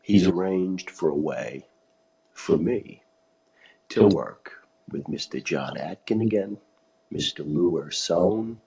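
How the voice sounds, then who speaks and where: A man's voice: low-pitched, creaky, a little mellow, slightly rough, heavily acted. A man voicing a folksy, boastful male guest who rambles in ungrammatical speech.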